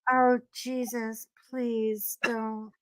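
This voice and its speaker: A woman's voice: on the high side, little pitch movement, very slow, no room sound, rough recording. A woman chatting on a casual live stream who tells stories dramatically and laughs easily. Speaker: guest caller on a live stream.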